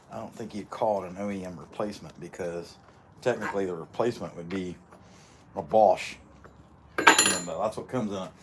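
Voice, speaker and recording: A man's voice: mid-range voice, heavy background noise. A middle-aged man rambling in a folksy way on a live stream, talking while chewing as he works on a chainsaw in his workshop. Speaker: livestream host, chainsaw carver. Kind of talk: casual live-stream chat.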